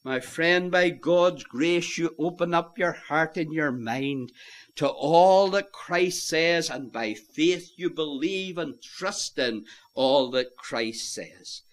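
A man's voice: a little high, takes it slowly. A man preaching an evangelistic sermon with impassioned emphasis, repeating phrases for stress and quoting scripture in old-fashioned wording.

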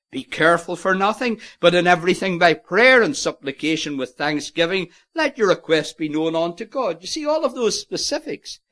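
A man preaching an expository sermon, earnest and emphatic, quoting scripture in old-fashioned wording. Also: fairly high pitch.

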